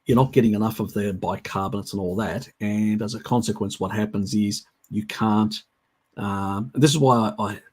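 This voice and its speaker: Low, husky livestream host. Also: male voice, fairly even intonation, normal speed, a little mellow. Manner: rambling, chatty, digressive. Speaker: livestream host answering viewer questions. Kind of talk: casual livestream Q&A.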